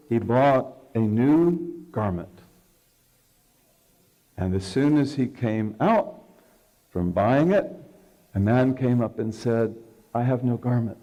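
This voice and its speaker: An older man giving a religious lecture to an audience, telling stories in an animated way and asking listeners questions. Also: medium pitch, low-quality recording. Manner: storytelling, animated, acts out quoted speech.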